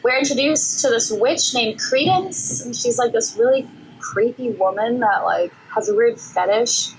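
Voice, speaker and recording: This is a young woman co-hosting a podcast and recapping a film in a loose, giggly way, with lots of fillers and quick asides. Her voice sits high. There is a faint hiss under the recording. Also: poor audio. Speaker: podcast co-host. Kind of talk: casual chat recapping a film.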